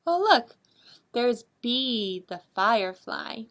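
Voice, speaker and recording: Animated woman reading to children. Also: mid-range voice, slow pace. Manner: animated, coaxing questions to young listeners. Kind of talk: children's story time reading. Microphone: streamed live.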